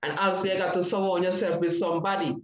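A man's voice: high-pitched, little pitch movement, fast talker, echoey room, slight background noise, low-quality recording. Fervent man preaching his testimony, lilt. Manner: preaching cadence with repeated phrases. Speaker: panel speaker sharing testimony. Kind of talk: impassioned testimony.

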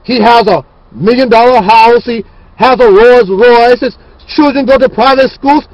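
A man's voice: very high voice, measured pace, no room sound, highs cut off. A man putting on a smug adult man who lectures down to others in a mocking tone. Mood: sneering. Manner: mocking, sneering.

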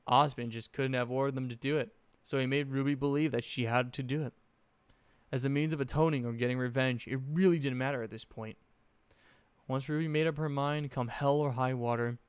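A man's voice: mid-range voice, clear, resonant tone, dry recording. A man reading a story aloud expressively, correcting his own slips now and then. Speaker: fanfiction narrator.

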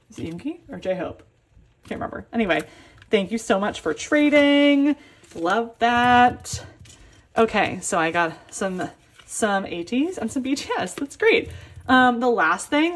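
A young woman casually vlogging an album unboxing, gushing and exclaiming with excitement as she goes. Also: mid-range voice.

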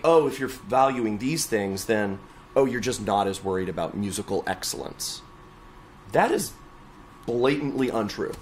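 Animated man telling a choir story. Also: fairly low pitch, a little hiss or hum. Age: young adult. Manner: animated storyteller, quotes others expressively. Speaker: choral conductor, interviewee. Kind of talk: oral history interview.

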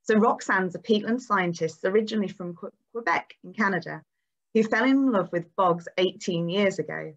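A woman hosting a storytelling event, introducing the programme and the guest in a measured way. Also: mid-range voice. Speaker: event host. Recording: dull lo-fi recording.

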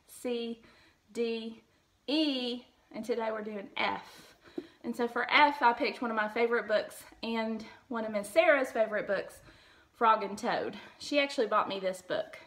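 A young woman teacher reading a storybook aloud to her class, speaking gently and clearly and asking the children questions. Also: a little high, steady tone, a little slow, poor audio.

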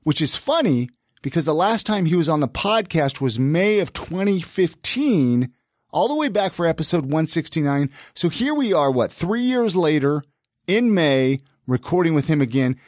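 Lively, upbeat male podcast host. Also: on the high side, no echo, studio quality. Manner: upbeat, lively, quick intros with filler restarts. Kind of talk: casual podcast chat.

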